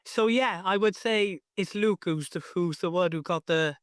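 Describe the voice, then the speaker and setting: High, clear-voiced Cardiff Welsh man. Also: moderate pace, a bit bright, dry recording, studio quality. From Wales. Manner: rambling, lots of fillers and restarts. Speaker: professional wrestler, guest. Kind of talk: casual interview chat.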